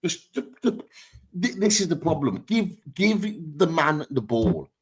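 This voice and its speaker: A man's voice: a little high, big pitch swings, unhurried, husky. A man on a fan panel, ranting bluntly and heatedly about his team's players. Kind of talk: heated football fan chat.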